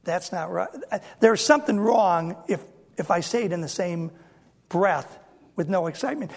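A middle-aged man preaching a sermon, telling stories and acting out family dialogue with loud bursts of emphasis. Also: sits high, animated, normal speed, creaky. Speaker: pastor.

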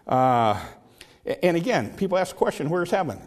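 A man preaching a sermon, explaining scripture verse by verse. He shifts between plain talk to the congregation and slow, emphatic readings of the text. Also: fairly high pitch, expressive. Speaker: pastor.

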